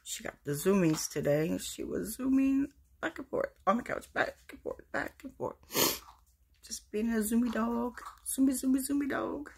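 A woman recording a personal video message to children she misses, speaking softly and tenderly, often in a hushed whisper. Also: on the high side, expressive, a little slow, slight background noise. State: fighting tears. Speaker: vlogger addressing absent children.

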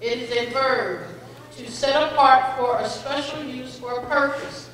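A high-pitched woman reads out spelling words slowly and patiently as the pronouncer, addressing each young speller as friend. Her voice sounds distant from the mic and rings through a reverberant school hall, with faint background noise. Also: a bit bright. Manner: measured and patient, calls each child friend. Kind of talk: reading words, definitions and sample sentences.

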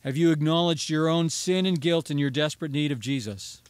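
A man's voice: on the high side, a little fast, clean tone, no echo. Guy preaching a sermon, gets emphatic and pleading, dry room. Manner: earnest, rising to emphatic pleading on key phrases. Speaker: pastor.

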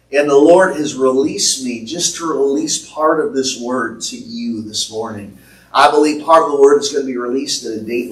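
A man preaching a prophetic sermon from the pulpit, slowly declaiming words he says he heard from the Lord. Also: medium pitch. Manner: slow, declaiming prophecy in the Lord's voice with rising intensity. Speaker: pastor. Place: church sanctuary. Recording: echoey church from far off.

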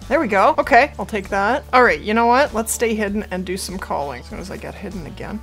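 A woman's voice: medium pitch, fast talker, few pauses, a bit bright, faint music behind. A woman hosting a hunting video game, chatting to her viewers as she plays and talking aloud to the animals on screen. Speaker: gaming channel host. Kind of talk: live gameplay commentary.

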